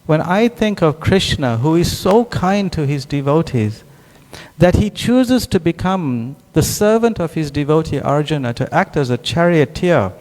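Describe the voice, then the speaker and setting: A man's voice: a little high, a little mellow. A man voicing a humble, illiterate old male Brahmin who speaks earnestly, recorded with a long hall reverb. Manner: earnest, tearful pleading.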